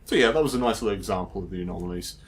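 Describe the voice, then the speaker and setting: A man's voice: deep voice, animated, very fast, a little hiss or hum. A man casually and enthusiastically commenting over gameplay at home on a headset mic. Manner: chatty, enthusiastic, laughs often.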